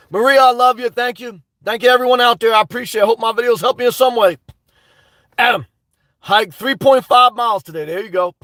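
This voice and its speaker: A man with a very high voice talks straight into a laptop mic on a home livestream. He is animated and swears freely, and he breaks into loud outbursts. The sound is dry and close. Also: dry recording. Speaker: livestream host. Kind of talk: casual livestream monologue.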